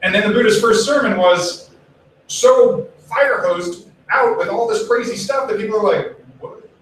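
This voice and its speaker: Guy giving a chatty buddhist sermon, kinda high voice, super echoey hall, mic far off. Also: moderate pace, fairly bright tone. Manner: chatty, acts out quoted voices, swears casually. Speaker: Buddhist minister. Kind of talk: casual storytelling sermon. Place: temple hall. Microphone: distant room mic. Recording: very echoey hall, from far off, faint room noise.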